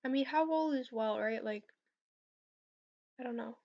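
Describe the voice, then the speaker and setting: A woman's voice: a little high, a little slow. A young woman answering viewer questions about competitive programming on a casual livestream, hesitant with lots of fillers. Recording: slightly dull lo-fi stream audio.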